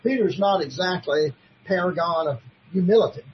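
A man with a notably high voice teaches a Bible study in sermon style. He presses his points emphatically and poses rhetorical questions to his listeners. The recording is muffled and lo-fi. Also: lively intonation, normal speed, slight background noise. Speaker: preacher teaching a Bible class.

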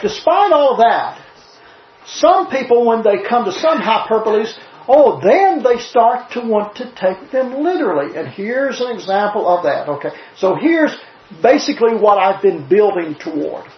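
A man's voice: high-pitched, sing-song, measured pace. A man giving a sermon-style Bible teaching, emphatic and full of rhetorical questions. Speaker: preacher. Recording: roomy, slightly dull sound.

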